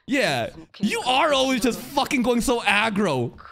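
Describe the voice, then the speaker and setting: An anime reaction host giving casual, excitable commentary, swearing a lot and laughing often. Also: medium pitch, a little slow, gravelly.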